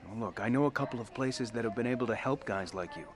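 An actor plays a steady, patient counselor speaking to an addicted man. He talks in a calm, reasoning way and gently urges faith, as in a radio play. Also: medium pitch, fast talker, close to an everyday voice. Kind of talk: radio drama acting.

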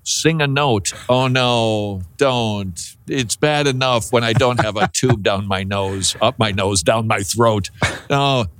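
A man's voice: lowish voice, slow pace, fairly bright tone, clean tone. A man hosting a faith radio show, answering listener questions in a folksy, joking way. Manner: folksy, joking, talks with restarts. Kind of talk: casual faith radio chat. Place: radio studio.

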